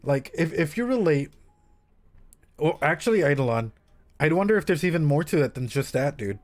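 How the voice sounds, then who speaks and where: Brief: young man, therapist on a reaction stream, loose and animated, swears, addresses the chat directly. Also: on the high side, normal speed. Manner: animated, swears, talks straight to viewers.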